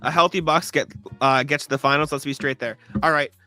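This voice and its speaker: A man's voice: a little high, steady tone, fairly quick, bright, forceful tone. A young man co-hosting a live sports talk show, ranting in a sarcastic, exasperated way and swearing. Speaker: podcast co-host.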